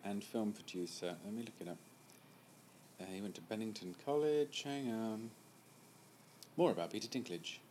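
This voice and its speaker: A man's voice: on the low side, normal speed, long pauses, darkish tone, a little hiss or hum. A young man co-hosting a casual movie commentary, teasing with dry, wry asides. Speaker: podcast co-host, mentalist.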